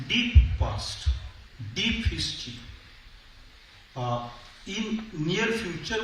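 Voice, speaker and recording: Brief: high-pitched man, convention speaker, booming hall reverb from a distant mic. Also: a bit bright. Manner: discursive, hesitant fillers, wry humor. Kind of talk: public speech. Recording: echoey hall, far from mic, faint noise.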